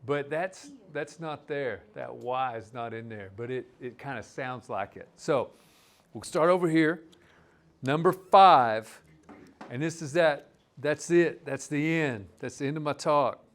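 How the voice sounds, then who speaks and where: A man teaching a live language class, explaining words in a relaxed, rambling way with many restarts. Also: medium pitch, measured pace.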